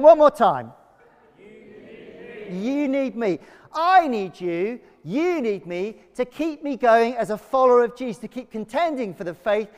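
A man preaching a sermon to his congregation, energetic and leading them in call-and-response. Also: high voice. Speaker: pastor. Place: church. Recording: long reverb of a church hall.

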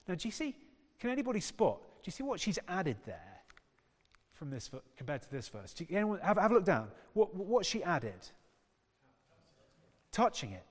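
A man's voice: sits high, huge pitch swings, normal speed, pauses often. A male preacher giving a conversational sermon, reading scripture and putting questions to the congregation. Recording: long hall reverb.

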